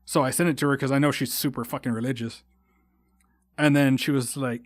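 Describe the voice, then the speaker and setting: A man's voice: mid-range voice, fairly even intonation, brisk, dry recording. A young man, hosting a solo podcast in a rambling, heavily profane style that often turns heated. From Texas. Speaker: podcast host. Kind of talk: casual solo podcast rant.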